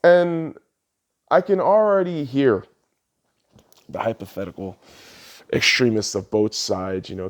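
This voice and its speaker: A man hosting a podcast, ranting heatedly and swearing often, his voice lurching between loud outbursts and low mutters. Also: a little slow, long pauses. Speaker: podcast host. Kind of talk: ranting political commentary.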